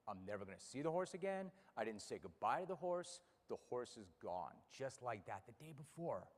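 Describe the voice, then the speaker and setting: A man in his fifties speaking emotionally to an audience about losing his racehorse, halting and repeating words when upset. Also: medium pitch, long reverb tail. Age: 50s. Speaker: racehorse owner and radio host. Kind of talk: emotional personal speech to an audience. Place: room with a live audience.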